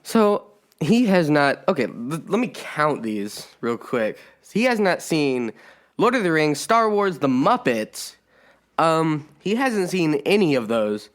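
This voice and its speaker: Slow, lively-voiced teen boy. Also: fairly high pitch. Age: teens. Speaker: podcast guest. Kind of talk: casual chat.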